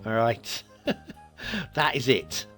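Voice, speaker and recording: A man hosts a casual map review, wandering from point to point in rambling commentary. His voice rises and falls in an animated way, with frequent chuckles and self-mocking asides. Light music plays faintly behind him. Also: mid-range voice, slow. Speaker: map review show host.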